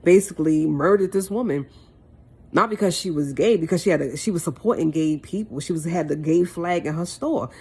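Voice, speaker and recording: A woman's voice: low-pitched, fairly quick, a little mellow, slightly rough. Impassioned woman vlogger repeating herself. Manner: impassioned, repeats phrases for emphasis. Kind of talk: heartfelt monologue to camera.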